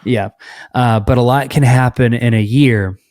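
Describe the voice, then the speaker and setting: A man co-hosting a podcast, recapping a show's plot in a steady, casual way with fillers. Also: mid-range voice, measured pace, no echo, clean studio sound. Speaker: podcast co-host.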